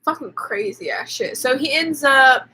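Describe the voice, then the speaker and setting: A woman's voice: sits high, expressive, a little slow, sharp tone, poor audio. A woman hosting a casual live movie recap, chatty and profane, with lots of "like" fillers. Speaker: host.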